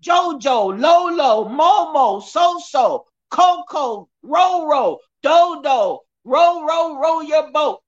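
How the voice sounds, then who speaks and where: A woman's voice: high-pitched, expressive, takes it slowly, few pauses, dull audio. A woman mimicking a frenzied female preacher chanting rhyming nonsense syllables, recorded on a phone.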